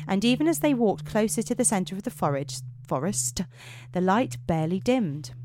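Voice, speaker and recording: A woman with a somewhat low voice hosts a podcast and reads eerie folk tales aloud with small slips and asides. Steady noise runs under her voice, and the recording has a homemade feel. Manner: relaxed storyteller, reading with small slips and asides. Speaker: podcast host. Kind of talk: casual chat and reading folk tales aloud.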